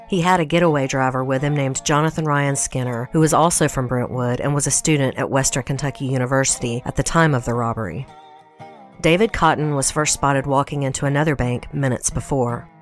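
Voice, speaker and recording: A woman from Tennessee, USA, with a Southern American accent and a rumbling low voice guest-hosts a podcast. She reads a scripted true-crime story in a measured storytelling manner.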